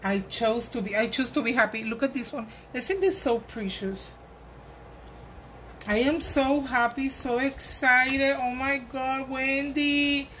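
Slow-talking woman, gushing over a gift, voice a bit high. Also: a bit bright, slight background noise, rough recording. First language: Spanish. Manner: gushing, exclamatory, enthusiastic. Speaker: crafting vlogger. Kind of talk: gift unboxing chat.

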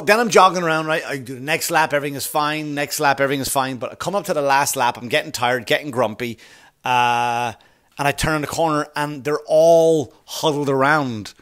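A man in the middle of a swear-filled comedic rant, exasperated and talking straight to his listeners. His voice sits at an ordinary middle pitch. It is recorded close and dry, with no room sound. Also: a bit bright, dry recording. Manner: profane, exasperated ranting with asides to listeners. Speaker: podcast host.

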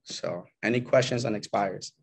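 With a lowish, gravelly voice at normal speed, a realtor gives casual coaching to a small group of agents over slight background noise. He animatedly acts out client and agent quotes and keeps asking "right?" and "you know?".

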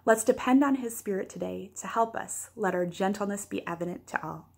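A woman's voice: medium pitch, fairly quick, gravelly, darkish tone. A woman pastor giving a daily devotional, teaching earnestly with playful asides.

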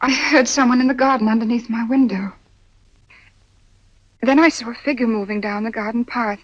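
Brief: actress as scared young gentlewoman, fairly high voice, muffled vintage film sound. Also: fairly even intonation, normal speed, natural voice. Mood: frightened. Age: young adult. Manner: anxious, pleading, breathless telling. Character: frightened young woman, a baronet's daughter. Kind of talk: 1940s film acting. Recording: dull old film soundtrack.

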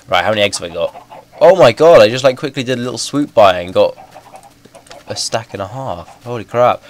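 Excitable young man with a cold. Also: mid-range voice, a little fast, noisy background. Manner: excitable, rambling, self-correcting. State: stuffy with a bad cold. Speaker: gaming YouTuber. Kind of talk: casual game commentary.

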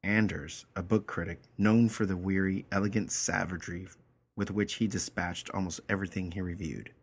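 A man's voice: sits low, steady tone, moderate pace, slightly rough. A man teaching a story, reading it aloud line by line and then explaining it in a casual way, often checking in with his listeners.

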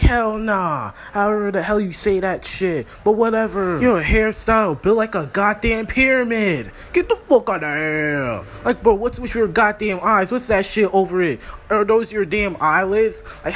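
A man's voice: sits high, moderate pace, hardly any pauses, a bit bright. A young man doing a profane comedic roast of cartoon characters, crude and mocking. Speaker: roast video host.

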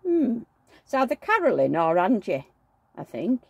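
A woman's voice: fairly low pitch, sing-song, moderate pace, vocal fry, breathy edge, no room sound. A woman who chats bluntly while she works, talking fondly to her dolls and grumbling about her neighbours. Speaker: doll collector vlogger. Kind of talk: chatty running commentary while working.

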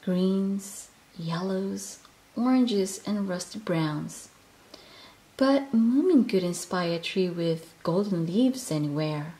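A woman reads a children's picture book aloud, slowly and gently. Her pitch sits mid-range and she gives each line a soft expressive lift. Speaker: storyteller.

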